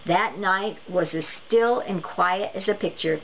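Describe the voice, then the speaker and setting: A woman reading a children's storybook aloud with even, expressive narration. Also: fairly low pitch, measured pace. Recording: dull lo-fi recording with faint noise.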